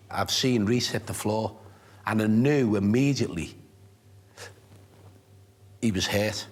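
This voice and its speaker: A man giving a shaken, halting eyewitness account in a documentary interview. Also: on the low side.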